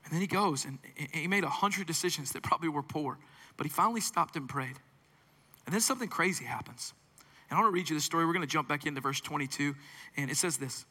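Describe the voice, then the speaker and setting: Male pastor, high and very forceful, jokey storyteller, echoing church hall. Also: fast. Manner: animated, humorous, conversational storytelling. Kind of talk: sermon. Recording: long reverb in a large hall.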